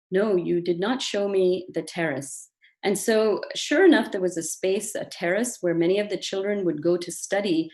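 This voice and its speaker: A woman's voice: mid-range voice, a little mellow. A woman physician speaking as guest at an online devotional program, earnest and thoughtful, with frequent fillers. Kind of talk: devotional talk.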